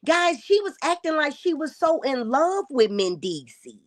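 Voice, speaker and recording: Female livestream host, casual reaction commentary, animated swooping delivery, talks right to chat. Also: high-pitched, measured pace. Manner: chatty and exclamatory, addresses viewers directly.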